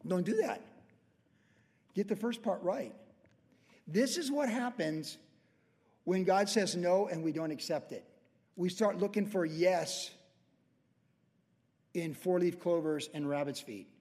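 A pastor with a high voice teaches scripture verse by verse, talking to the room like a friend and dropping into quoted voices. His words ring out with the long reverb of a large church hall. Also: slow pace, long pauses, darkish tone. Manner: conversational, acts out quoted voices.

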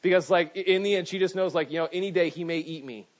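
A middle-aged man preaching a sermon, telling stories with lively asides and frequent "right?" checks to the congregation. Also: sits high, fast. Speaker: pastor. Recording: dull lo-fi sound.

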